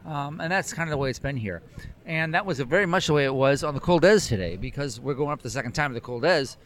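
A man, a photographer, telling an animated anecdote in casual chat, acting out the dialogue. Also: on the high side, fast. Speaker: cycling photographer.

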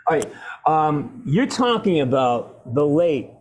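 A middle-aged man, a guest actor on a video call, telling stories with loud bursts, restarts and salty language. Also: on the high side, sing-song, takes it slowly.

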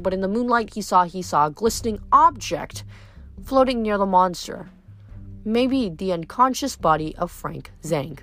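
A woman reading a novel aloud, animated, shouting the characters' lines and sometimes stumbling and restarting. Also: medium pitch. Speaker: reader. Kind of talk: amateur book read-aloud.

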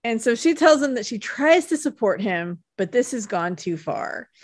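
A woman's voice: a little high, sing-song, normal speed, dry recording, clean studio sound. A woman co-hosting a podcast, chatting casually and giggly about an episode. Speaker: podcast co-host. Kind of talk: casual chat.

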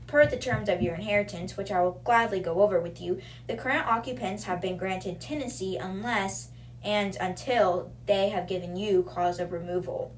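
A woman reading aloud the measured lines of a formal older male lawyer, in her own voice. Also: mid-range voice, far from the mic, slight background noise, close to an everyday voice, low-quality recording.

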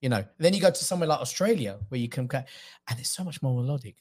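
Fast-talking comedian man. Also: medium pitch. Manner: rapid, animated, jumps into accents. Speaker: comedian guest. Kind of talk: casual podcast chat.

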